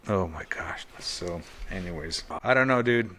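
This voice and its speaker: A man's voice: sits low, animated, moderate pace, a crowd in the background. A man hosting a podcast, chatting casually and rambling through personal anecdotes. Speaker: podcast host. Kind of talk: casual conversation.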